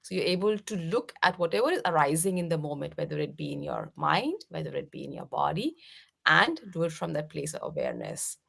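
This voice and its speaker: A middle-aged woman from India talks as a podcast guest about meditation. Her voice sits low with a gravelly texture, yet her pitch moves widely as she explains. She speaks gently and patiently, with many soft fillers. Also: wildly swooping pitch, a little fast. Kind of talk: podcast interview answers.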